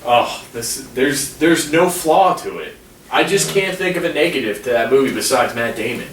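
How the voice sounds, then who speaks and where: A man's voice: medium pitch, animated, moderate pace, fairly bright tone. A man co-hosting a casual podcast chat, blunt and rambling, with heavy swearing. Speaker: podcast co-host. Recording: echoey room, distant mic, faint noise.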